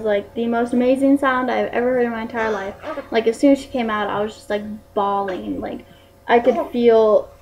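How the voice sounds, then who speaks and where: A woman's voice: a little high, darkish tone, low-quality recording. A young woman vlogging casually to camera, rambling with many fillers like "like" and "um". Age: young adult.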